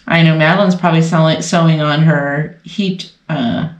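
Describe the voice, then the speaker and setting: A woman's voice: low voice, steady tone, moderate pace, muffled recording. A woman hosting a casual sew-along, chatting and thinking aloud as she works at her sewing machine. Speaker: sewing channel host. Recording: roomy echo, faint noise.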